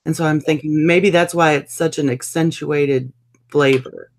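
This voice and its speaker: A woman in a casual chat, curious and quick with odd questions. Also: low voice, steady tone.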